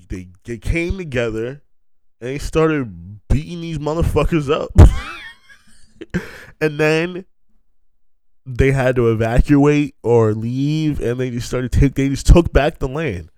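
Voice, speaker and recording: Male podcast host, unhurried delivery, smooth resonant voice, animated and profane comic riffing. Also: mid-range voice, no echo, clean studio sound. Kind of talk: rambling comic monologue.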